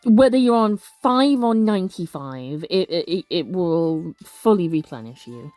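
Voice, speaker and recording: A woman's voice: on the low side, lively intonation, measured pace, a little mellow, no echo, faint music behind. A woman narrating a story game in a casual, chatty way, reading aloud and often correcting herself. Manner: chatty, self-correcting, stumbles over words. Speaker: let's play narrator.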